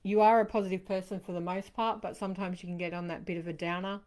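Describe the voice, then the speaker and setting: A woman hosting a live-streamed tarot card reading, chatting warmly to viewers by name and passing on reassuring messages. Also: fairly low pitch, flat delivery, fast talker. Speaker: tarot reader.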